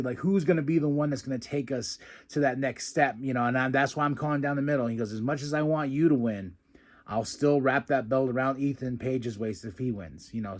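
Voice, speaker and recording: A young man hosting a podcast, casually recapping a wrestling show and acting out the wrestlers' lines in put-on voices, with frequent laughs. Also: medium pitch. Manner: animated, acts out quotes in put-on voices, laughs often.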